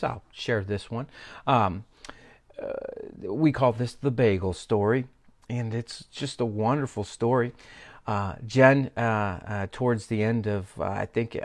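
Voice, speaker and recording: Man preaching with animated storytelling. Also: on the low side. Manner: animated, self-mocking storyteller with many fillers and restarts. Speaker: pastor. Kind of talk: storytelling sermon. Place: church sanctuary.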